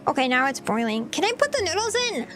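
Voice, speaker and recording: A woman's voice: high voice, sing-song, fast talker, a bit bright, a little hiss or hum. A woman streaming herself cooking, chatting flustered and giggly to her viewers. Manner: giggly, flustered, talks to chat while cooking. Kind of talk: casual livestream chat.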